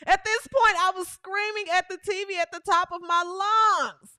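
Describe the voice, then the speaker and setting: A woman hosting a comedic women's basketball show, talking over game highlights. She exclaims, laughs often and repeats lines for emphasis. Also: steady tone, normal speed, sharp tone.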